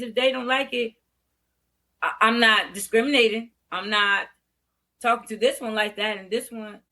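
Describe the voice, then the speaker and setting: A woman's voice: mid-range voice, moderate pace, sharp tone. An older woman, a veteran educator, talking frankly and bluntly as an interview guest, laughing easily. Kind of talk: candid interview talk.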